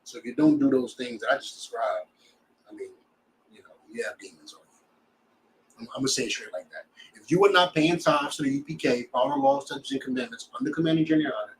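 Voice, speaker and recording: A man's voice: medium pitch, rapid-fire, hardly any pauses, distant mic, poor audio. A man teaching a scripture class in a blunt, preachy way, full of rhetorical questions.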